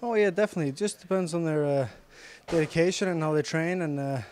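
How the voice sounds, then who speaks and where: A young man with a slight Irish-tinged accent, speaking English as a second language, answering interview questions softly with many pauses and fillers in a gym. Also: a little high. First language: Icelandic. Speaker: interviewed fighter. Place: sports gym.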